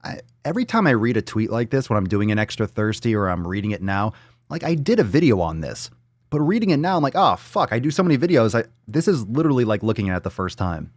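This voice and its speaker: A man's voice: on the low side, very animated, quick pace, no echo, studio quality. Fiery profane man ranting. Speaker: host. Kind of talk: livestream podcast rant.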